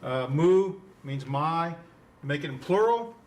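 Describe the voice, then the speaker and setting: A man teaches a beginners' class in a chatty, joking way, asking students questions as he goes. His voice sits a little high. He is recorded from some distance in a classroom with faint background noise. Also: expressive, slow pace, darkish tone. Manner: conversational, quizzes students, chuckles at own puns. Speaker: Greek instructor. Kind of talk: classroom lecture.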